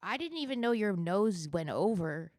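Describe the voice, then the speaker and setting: A woman's voice: medium pitch, animated, moderate pace, darkish tone, no room sound. A woman guest on a casual live stream, giggly and playful.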